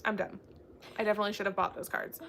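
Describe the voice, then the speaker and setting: A woman's voice: medium pitch, level tone, very fast, gravelly, pushed and bright, a little hiss or hum. A young woman hosting a casual book chat, telling a bubbly story and acting out the quoted dialogue. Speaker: book channel host.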